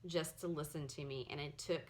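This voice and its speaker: A woman in her forties sharing her personal story in a halting, earnest way, at times close to tears. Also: low voice, fairly even intonation, a little mellow. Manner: earnest, halting, emotional, often near tears. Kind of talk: personal testimony to camera.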